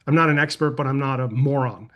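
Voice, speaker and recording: A man hosting a live question-and-answer call, coaching attendees in a folksy, energetic way and telling anecdotes. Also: mid-range voice, fast, dull audio. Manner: energetic and folksy, uses "y'all", tells anecdotes. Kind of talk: casual webinar Q&A.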